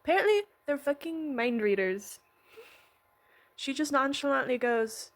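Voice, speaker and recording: Woman vlogger, unfiltered and rambling, excitable casual recap delivery. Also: high-pitched, unhurried, long pauses. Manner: rambling, excitable, swears and laughs.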